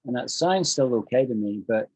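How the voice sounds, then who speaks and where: A man's voice: medium pitch, lively intonation, moderate pace, a little mellow, low-quality recording. A man teaching an online English class, chatty and emphatic, repeating phrases for stress.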